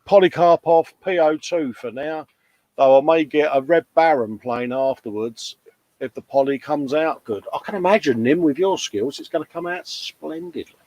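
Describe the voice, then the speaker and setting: A man's voice: a little high, moderate pace, a little mellow, poor audio. A man co-hosting a hobby livestream, casually chatting and reading out viewer comments, calling everyone mate. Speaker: livestream co-host.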